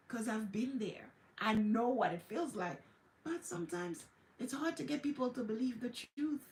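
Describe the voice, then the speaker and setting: A woman's voice: a little high, echoey room. A woman hosting a motivational wellness livestream, talking encouragingly and acting out self-talk in quotes. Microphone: streaming setup.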